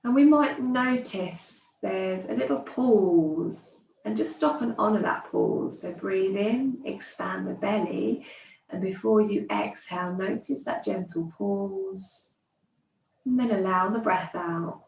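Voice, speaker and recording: A woman teaching yoga, guiding slow breathing with calm, soothing counting cues. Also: mid-range voice, vocal fry. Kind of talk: guided breathing instruction. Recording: echoey room, distant mic.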